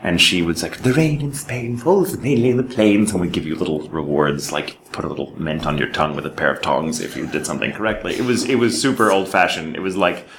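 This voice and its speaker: Deep-voiced man from Texas, lively panel storyteller, roomy hall with faint hum. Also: quick pace, gravelly, few pauses. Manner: animated storyteller, slips into British voices. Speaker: voice actor guest. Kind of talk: convention panel talk.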